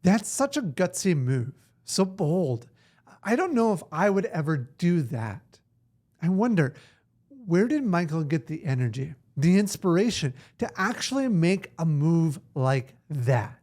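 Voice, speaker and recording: A host reflecting on lessons from a guest's story in a slow, thoughtful narration. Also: mid-range voice, very animated, a little mellow.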